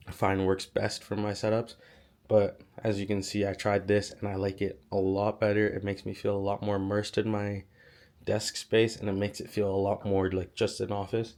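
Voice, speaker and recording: Sick young guy with a gravelly low voice. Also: a little mellow. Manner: chatty, lots of "like" and "so". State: sick, hoarse voice. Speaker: YouTuber giving a room tour. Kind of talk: casual vlog walkthrough.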